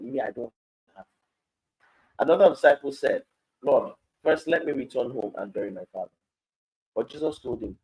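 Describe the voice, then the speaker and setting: A man's voice: mid-range voice, normal speed, long pauses, a little mellow, slightly rough, rough recording. A man with a Nigerian accent leading a live-streamed Bible study, reading scripture aloud and then explaining it in Pidgin-laced commentary.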